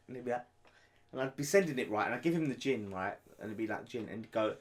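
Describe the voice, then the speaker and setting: A man's voice: mid-range voice, expressive, quick pace. A man co-hosting a podcast, telling a story in casual, sweary chat. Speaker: podcast co-host.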